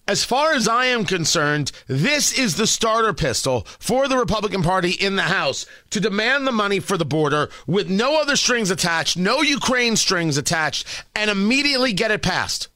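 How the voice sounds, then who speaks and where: A man's voice: sits high, big pitch swings, moderate pace, pushed and bright, no room sound, clean studio sound. A man hosting a morning radio talk show, giving emphatic, incredulous opinion commentary full of rhetorical questions. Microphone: studio microphone.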